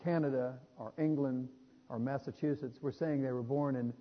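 A man preaching a sermon, building to louder emphatic points and adding small jokes. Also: medium pitch, fairly even intonation, moderate pace. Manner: emphatic, rising loud on key points, with jokes. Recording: dull sound with long hall reverb.

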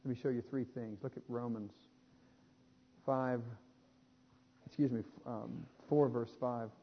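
A man preaching a sermon, building to louder emphatic points and adding small jokes. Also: medium pitch, steady tone, a little slow, husky. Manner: emphatic, rising loud on key points, with jokes. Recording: dull sound with long hall reverb.

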